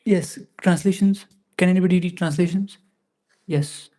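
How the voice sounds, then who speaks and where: A man leading a scripture class, chanting Sanskrit verses slowly and then explaining them casually with many fillers. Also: high voice, fairly even intonation, dark tone. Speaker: class speaker.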